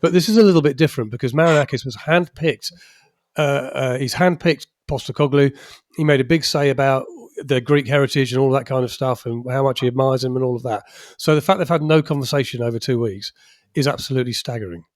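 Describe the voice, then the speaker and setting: A man's voice: mid-range voice, quick pace, dry recording, clean studio sound. A man co-hosting a football podcast in casual chat, chatty and often laughing through his sentences. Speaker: podcast co-host.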